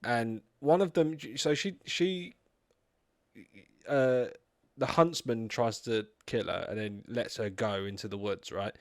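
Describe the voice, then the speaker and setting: A man's voice: mid-range voice, unhurried, no room sound, studio quality. A man co-hosting a podcast, retelling movie scenes casually with swearing and frequent "right?". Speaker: podcast co-host. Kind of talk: casual chat, movie review.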